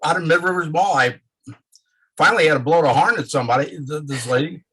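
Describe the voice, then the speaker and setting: A man with a husky voice tells a story with exasperation. His pitch sits a little high, and the telling stays casual. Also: fast, pushed and bright.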